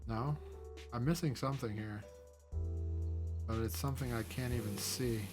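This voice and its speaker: A man's voice: mid-range voice, normal speed. Chatty young man rambling over game music. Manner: rambling, chatty, easily amused. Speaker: gaming channel host. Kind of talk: casual let's-play commentary. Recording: game music playing underneath. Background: background game music.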